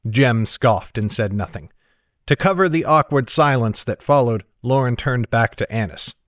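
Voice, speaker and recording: A man reads a fantasy novel chapter as an audiobook narrator. His voice is mid-pitched and measured, recorded close with a dry sound. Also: lively intonation, fairly bright tone, no room sound.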